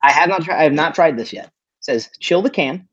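A man co-hosting a casual online show. He tells stories in an animated way and swears a lot. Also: a little high, quick pace, slightly rough, no echo, lo-fi sound. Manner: profane, animated storytelling. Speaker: podcast co-host. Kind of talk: casual chat.

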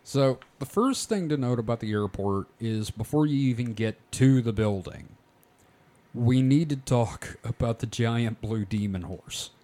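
A man's voice: mid-range voice, lively intonation, measured pace, dark tone. A man hosting a podcast, telling the story in a casual way and swearing freely. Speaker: podcast host presenting the topic.

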